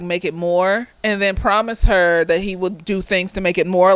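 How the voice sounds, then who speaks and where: A slightly tipsy woman therapist giving a blunt, profane and sassy casual review of a TV series, animated, with mocking asides. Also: fairly low pitch, clean tone, no echo.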